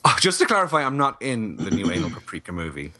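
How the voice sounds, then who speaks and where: A man trading wry quips on a podcast. His husky voice is bright and lively, swinging widely in pitch. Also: quick pace. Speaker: podcast co-host. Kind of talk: casual chat.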